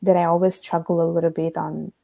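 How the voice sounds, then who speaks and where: A woman's voice: on the low side, flat delivery, a little fast, vocal fry, warm tone, no echo. A woman with an Italian accent, a podcast guest telling her own story thoughtfully, in long searching runs full of fillers. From Italy. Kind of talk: reflective personal storytelling.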